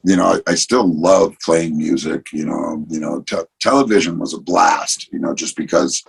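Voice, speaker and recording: A man, a guest in a casual interview, telling animated stories and swearing freely. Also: very deep voice, moderate pace, vocal fry, breathy edge, poor audio. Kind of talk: casual chat.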